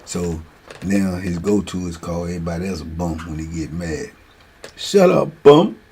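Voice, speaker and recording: A middle-aged man hosting a streamed show, telling lively stories in a casual way, laughing often and tagging lines with "man.". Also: low voice, normal speed, background noise. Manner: animated, laughs often, repeats "man" a lot. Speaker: show host. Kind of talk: casual storytelling chat. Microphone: streaming mic.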